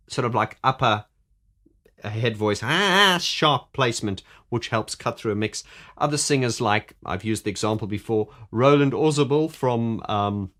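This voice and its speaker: A man's voice: medium pitch, measured pace, fairly bright tone. A male vocal coach talking casually through a singer's technique, rambling with frequent restarts and breaking off to sing examples. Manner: rambling with many restarts, breaks into sung demonstrations. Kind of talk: casual analytical monologue about singing.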